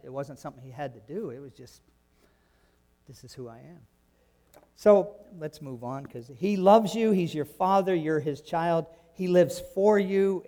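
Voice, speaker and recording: Canadian-raised pastor guy preaching, higher voice, loud then quiet, big echo hall. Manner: emphatic, swings between soft asides and loud exclamations. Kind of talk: sermon.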